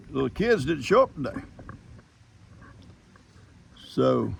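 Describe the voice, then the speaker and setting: Gravelly older farmer chatting. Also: male voice, medium pitch, slight background noise. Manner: folksy storyteller, chuckles often. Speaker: farm vlogger. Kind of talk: casual rambling chat. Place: outdoors on a farm.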